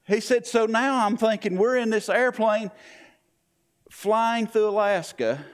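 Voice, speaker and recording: A man's voice: high-pitched, unhurried, clear, resonant tone. A man, telling a story in a sermon in a folksy way, repeating "he said" and "I went".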